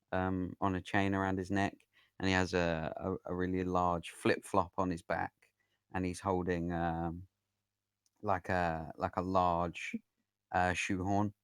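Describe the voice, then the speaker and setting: A man in a tabletop game describing his character haltingly, with many pauses. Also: sits low, clear, resonant tone, dry recording, studio quality. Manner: hesitant, halting. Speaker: player.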